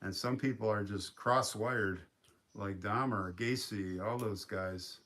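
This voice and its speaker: A man hosting a casual live stream from a quiet home in the woods, rambling and reading viewer comments aloud. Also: fairly low pitch, slow pace. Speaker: livestream host.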